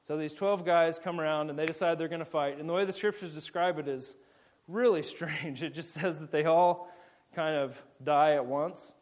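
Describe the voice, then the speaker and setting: A man preaching in a casual, jokey way, retelling a scripture story with quick voiced asides. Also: fairly high pitch, steady tone, darkish tone.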